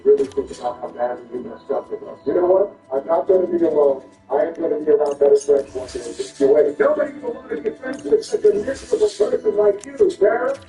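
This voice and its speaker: A man's voice: on the high side, dark tone, reverberant, recorded from a distance, low-quality recording. A man voicing squabbling grown men who trade indignant insults over a board game.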